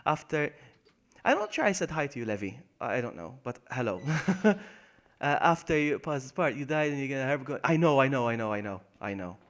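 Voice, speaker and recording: A man streaming a game live, greeting viewers by name, yelping when things go wrong and mocking himself. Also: brisk. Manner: excitable, jumps to high yelps when in danger, then mutters low. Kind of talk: live gameplay commentary.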